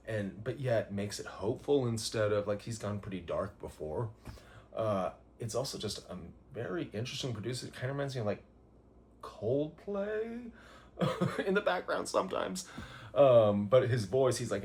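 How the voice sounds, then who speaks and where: A man's voice: mid-range voice, slight background noise. A man counting down his favorite albums in a casual vlog, rambling and gushing with lots of fillers and chuckles. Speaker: music vlogger.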